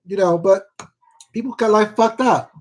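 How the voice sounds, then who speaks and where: High-voiced, blunt, profane man ranting. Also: moderate pace, slight background noise. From Washington State. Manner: blunt, profane and emphatic, repeats himself, greets viewers by name. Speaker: mukbang YouTuber. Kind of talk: casual live-stream rant while eating.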